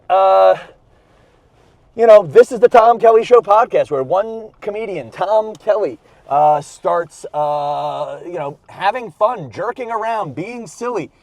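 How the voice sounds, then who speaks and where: A comedian hosts his podcast while driving his car in cold weather, rambling and mocking himself with lots of fillers and restarts, slightly out of breath. His voice is high-pitched and a little mellow. A video camera in the car records it, and the sound is dry.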